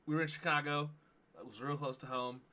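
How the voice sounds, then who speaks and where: A man in his thirties hosting a tabletop game stream, chatting loosely with lots of fillers and quick laughs. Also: a little high, steady tone, bright, forceful tone. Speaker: player and show host. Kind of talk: casual chat introducing a tabletop game stream.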